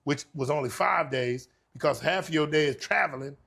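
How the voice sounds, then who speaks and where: A middle-aged Texan man with a Texas accent tells stories as an interview guest, keeping things casual and laid-back and often saying "man." His voice is a little high and brisk, creaky and slightly rough, with a fairly bright tone.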